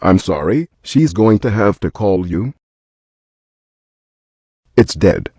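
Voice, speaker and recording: A man's voice: fairly low pitch, expressive, slow pace, warm tone, breathy edge, no echo, muffled recording, exaggerated voice. A man voicing a short-tempered alien loner in a fan cartoon, blunt and foul-mouthed. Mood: furious. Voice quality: profane, blunt.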